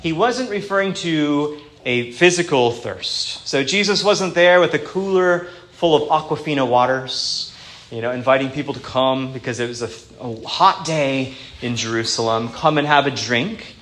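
A man preaching a sermon in an earnest, plain-spoken way, slowing down to quote scripture. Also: medium pitch, a bit bright, slight background noise.

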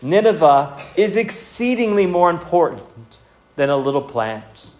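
A man's voice: on the high side, animated, a little slow, a little mellow. A man preaching an expository sermon in an earnest, teacherly way, speaking straight to his listeners.

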